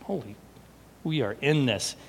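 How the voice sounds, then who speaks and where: Male pastor, fairly high voice, storytelling sermon, long hall reverb. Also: normal speed. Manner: animated storyteller, drops to hushed emotional tones.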